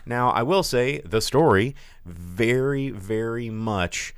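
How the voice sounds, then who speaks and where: A man's voice: medium pitch, lively intonation, slow pace, clear, resonant tone, no echo. A man hosting a casual movie review chat, rambling with lots of fillers and restarts. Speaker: podcast host.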